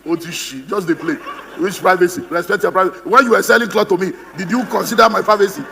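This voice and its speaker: A man's voice: high voice, fairly even intonation, fast, gravelly, sharp tone, big-room sound, a little hiss or hum. A man with a Nigerian English accent, giving a humorous, theatrical seminar talk as a motivational speaker, acting out the voices he quotes. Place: conference hall on stage.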